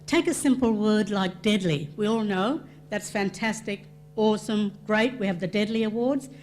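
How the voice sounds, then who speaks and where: A woman presenting a cultural awareness session, explaining terms and concepts to an audience with quick asides. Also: mid-range voice, a little mellow, slight background noise.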